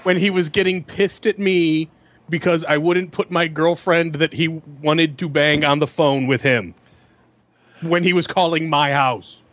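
A Midwestern American man chimes in with dry, wry remarks among friends. His voice sits fairly high and sounds close and dead, with no room around it. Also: steady tone, a little slow, a bit bright, no echo. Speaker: podcast regular. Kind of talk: casual chat among friends.

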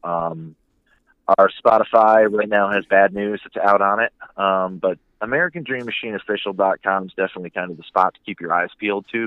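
A man who plays in a band, chatting casually in an interview and plugging his music in a relaxed, upbeat way with lots of fillers. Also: lowish voice, brisk, no room sound, narrow, tinny audio. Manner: relaxed, upbeat, filler-heavy promo talk.

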